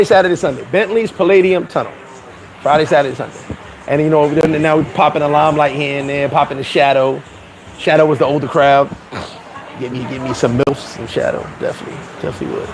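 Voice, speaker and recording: A man's voice: a little high, low-quality recording. A man, hosting and telling profane, laughing stories in casual chat. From New York. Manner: animated, profane, laughing storyteller. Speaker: host. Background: crowd chatter.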